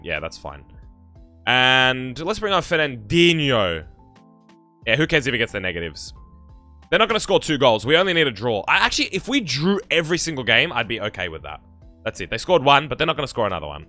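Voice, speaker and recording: Lively, bright-voiced Australian man. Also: medium pitch, fast talker, soft background music. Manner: chatty, rambling, talks to viewers. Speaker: gaming streamer. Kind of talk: live stream commentary, reading chat.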